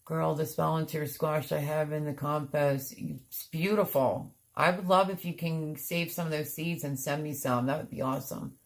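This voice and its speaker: Sounding tired, a middle-aged woman from Pennsylvania rambles through a casual gardening livestream, reading out viewer comments. She speaks low and steadily at a normal speed with few pauses, but her talk is chatty and full of fillers and restarts.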